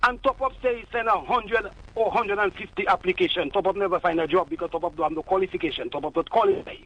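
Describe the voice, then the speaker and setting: A man's voice: high-pitched, fast talker, breathy edge. A man with a Dominican accent calling in to a radio show, talking politics in a fervent, rambling way and repeating catchphrases. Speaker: radio caller. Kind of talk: call-in political commentary. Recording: dull lo-fi dry radio line.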